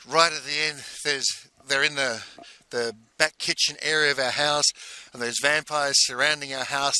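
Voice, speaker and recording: Man with a sharp, tense voice. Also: mid-range voice, no room sound. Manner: repetitive, halting storytelling that builds emphasis by repeating phrases. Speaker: business coach. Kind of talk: coaching monologue telling a personal story.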